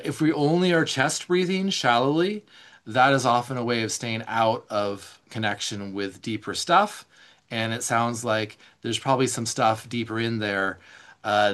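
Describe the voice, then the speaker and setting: A man in a relaxed teaching chat, answering questions as a somatic coach. His voice sits at a mid pitch, and his delivery is gentle and unhurried. He drops his pace for soft guidance and keeps a casual flow full of "like" fillers.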